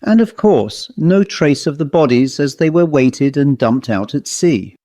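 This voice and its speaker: A man's voice: a little high, animated, a little slow, warm tone, no room sound. Man voicing a proud provincial English bobby in an audiobook, polite and probing; dry, close sound. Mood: uneasy. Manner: polite, inquisitive, increasingly uneasy. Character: rotund mid-thirties village police constable, proud.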